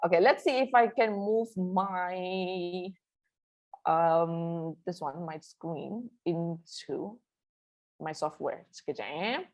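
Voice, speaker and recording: A woman teaching a live online language lesson, repeating each phrase slowly for students to echo and mixing languages as she explains. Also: on the low side, darkish tone. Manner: mixes languages mid-sentence.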